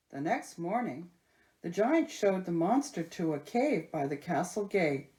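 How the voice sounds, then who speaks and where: A woman storyteller reading a children's picture book aloud in an expressive, unhurried way. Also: lowish voice. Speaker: library storyteller.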